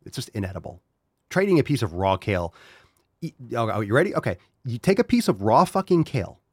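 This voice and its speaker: A man's voice: medium pitch, very animated, fast talker, husky, no echo, studio quality. A man hosting a podcast, ranting and swearing in a worked-up, comic way. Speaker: podcast host. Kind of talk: ranting comedic podcast talk.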